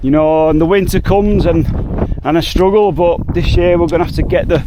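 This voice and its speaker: Walking through the mountains beside a lake, this man in his 40s records an emotional hiking vlog. He talks fairly quickly in a slightly high voice, reflective and heartfelt, with background noise behind him.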